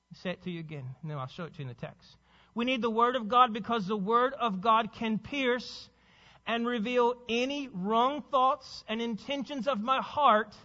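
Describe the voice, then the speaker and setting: High, bright-voiced preaching man. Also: normal speed, in a large hall, dull audio. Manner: urgent, exhorting preacher with rhetorical questions. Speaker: pastor. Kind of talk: sermon.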